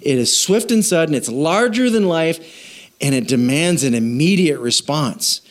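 A man preaching a sermon as pastor, animated and jokey, acting out quoted voices and asking the audience questions. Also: a little high, moderate pace.

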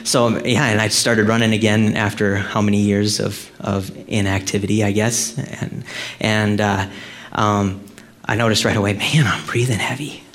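A man's voice: fairly low pitch, flat delivery, moderate pace, fairly bright tone. A middle-aged male pastor preaching in a conversational way, full of rhetorical questions and "okay?" checks, climbing to emphatic peaks. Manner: frequent restarts and checks like "okay?" and "right?". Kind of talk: sermon.

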